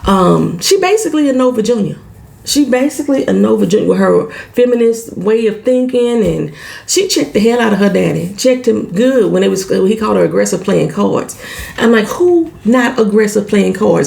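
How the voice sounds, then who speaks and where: Animated woman with gravelly fry. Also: mid-range voice, fairly quick. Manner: animated and salty, swears freely, acts out lines. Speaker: TV show recap vlogger. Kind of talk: casual show recap.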